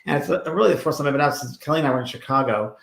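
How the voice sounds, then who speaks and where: A man, a medium co-hosting a casual chat, telling animated, jokey stories. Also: medium pitch, very fast, gravelly, roomy sound. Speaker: medium and show co-host.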